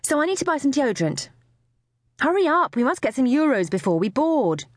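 A hurried traveller bossing a companion along before boarding, voiced by a woman narrator. The pitch jumps high and lively. The audiobook sound is dry and close. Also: dry recording.

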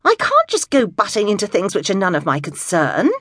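A woman's voice: medium pitch, huge pitch swings, moderate pace, dry recording, pitched above the performer's own voice. A woman voicing a wry, reluctant middle-aged amateur sleuth, dry and firm, for an audiobook. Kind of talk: audiobook dialogue.

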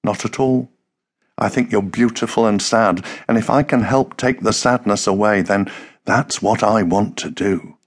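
A male narrator voicing a tender young man, soft-spoken and earnest, close to his own voice. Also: on the low side, unhurried. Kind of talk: audiobook character voice.

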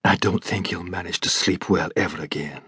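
A man's voice: medium pitch, sing-song, normal speed, slightly rough, dry recording, studio quality, voice pushed up. Man playing curt commanding doctor. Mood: hushed. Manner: curt, authoritative. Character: brisk male doctor, firm and commanding.

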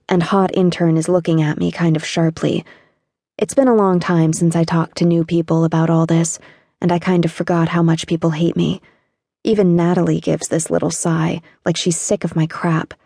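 A woman's voice: fairly low pitch, steady tone, moderate pace, mellow, dry recording, clean studio sound. A woman narrating an audiobook in the first person, in a wry, sardonic teenage voice.

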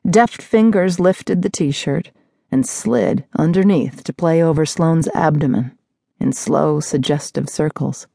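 A woman with a low, mellow voice reads a romance novel aloud in a measured, intimate way. The sound is dry and close, straight from a studio mic. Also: gravelly, no room sound. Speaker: audiobook narrator. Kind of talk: scripted narration. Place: recording studio.

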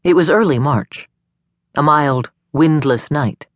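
The narrator is a low-voiced woman performing a suspense audiobook, her delivery measured and expressive. A studio microphone captures her with no echo.

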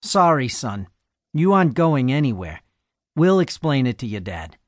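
A man voicing a firm, steady police officer in an audiobook, speaking in a commanding tone. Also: mid-range voice, moderate pace, dry recording, clean studio sound, natural voice.

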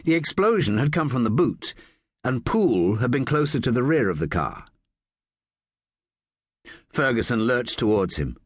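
Male thriller narrator, mid-pitched and animated, dry studio read. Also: no room sound. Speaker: audiobook narrator.

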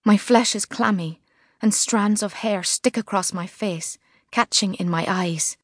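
A woman reading a first-person novel as narrator, measured and vivid. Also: mid-range voice, dry recording, clean studio sound. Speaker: audiobook narrator. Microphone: studio mic.

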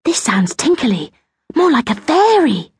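Lady putting on a breathy curious little girl, eager storybook kid, lively up and down. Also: a little slow, no room sound, exaggerated voice. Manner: bright, raised girlish pitch.

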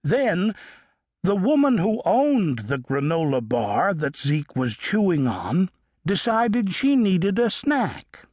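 Male children's audiobook narrator with a lively, singsong delivery and a fairly high voice. Dry, close studio sound. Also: slightly rough, no room sound. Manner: slow, expressive storytelling with playful emphasis. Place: recording studio. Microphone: studio microphone.

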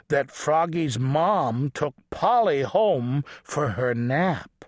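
Male kids'-book narrator, playful and animated, unhurried. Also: on the high side, no echo, studio quality. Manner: animated, playful read-aloud. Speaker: audiobook narrator. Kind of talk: children's storybook narration.

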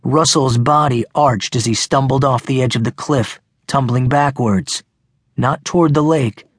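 A man narrating a teen novel audiobook in a steady, measured way, recorded close in a studio booth. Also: mid-range voice, breathy edge, no echo. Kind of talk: scripted narration. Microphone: close studio mic.

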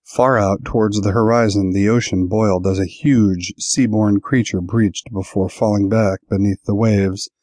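A man narrating a science-fiction audiobook in a measured, even storytelling manner on a close studio mic. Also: lowish voice, no room sound. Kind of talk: scripted narration.

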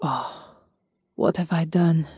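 A woman voicing a guilt-ridden young male prince, speaking low, weary and stern. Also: moderate pace, mellow, soft background music, lightly acted. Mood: despairing.

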